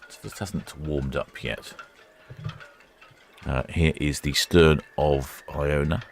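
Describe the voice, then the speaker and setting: A man with a very deep voice gives relaxed live commentary. He rambles from thought to thought and fills the gaps with plenty of uhs. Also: slow pace, soft background music. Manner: chatty, rambling, with many fillers. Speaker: ship-watching livestream host.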